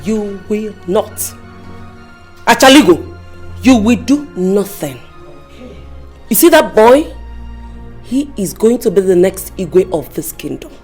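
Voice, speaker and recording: A woman's voice: medium pitch, expressive, slow pace, pauses often, darkish tone, faint music behind. An actress with a Nigerian accent playing a fierce royal mother who scolds and insists her son will take the throne. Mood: defiant. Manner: defiant and scolding. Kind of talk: Nollywood film acting.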